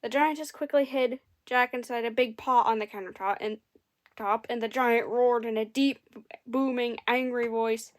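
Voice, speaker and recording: A woman's voice: a little high, fairly even intonation, moderate pace. A woman reading a fairy tale aloud and adding dry, amused comments between passages. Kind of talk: comedic story reading with wry asides.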